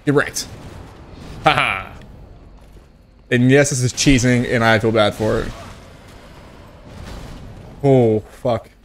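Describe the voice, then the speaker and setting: A man's voice: medium pitch, slow pace, pauses often, a little hiss or hum. A young man giving casual, profane gameplay commentary, joking and tipsy from whiskey, with sudden outbursts at the game. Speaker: gaming streamer.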